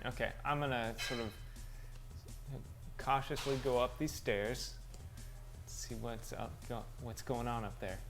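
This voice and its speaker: A man's voice: mid-range voice, steady tone, unhurried, pauses often, music in the background. A man playing a tabletop role-playing game, goofy and laughing, with dry one-liners. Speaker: player. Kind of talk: tabletop role-play banter.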